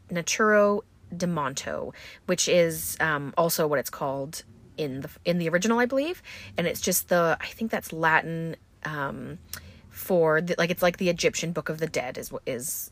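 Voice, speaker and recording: A woman's voice: low voice, moderate pace. A woman casually recapping a horror film, chatty and full of filler words. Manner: chatty, many ums and likes.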